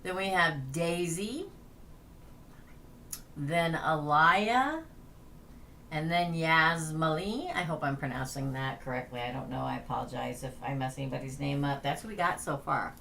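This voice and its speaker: A woman's voice: sits low, unhurried, vocal fry, sharp tone, slight background noise. A woman tarot reader hosting a casual livestream, chatting, laughing and reading names off a list.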